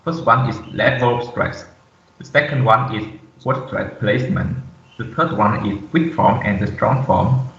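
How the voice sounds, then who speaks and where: Young man, student presenter, halting reading, echoey room, distant muffled mic. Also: on the low side, fairly bright tone. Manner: halting, reads aloud with frequent "uh" fillers. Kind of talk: class presentation read from slides.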